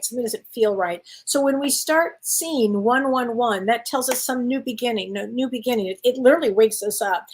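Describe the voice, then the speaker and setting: Chatty Midwestern woman, fairly high voice. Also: husky. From Wisconsin, USA. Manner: chatty, encouraging, emphatic. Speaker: spiritual medium hosting a live Q&A. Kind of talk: casual live-stream chat reading viewer comments.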